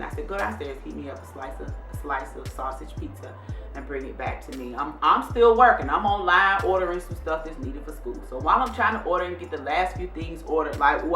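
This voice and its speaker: A woman hosting a casual vlog, telling viewers a story and acting out how she scolded her son. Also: deep voice. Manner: animated, scolding retelling. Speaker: vlog host. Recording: echoey room, distant mic, faint music.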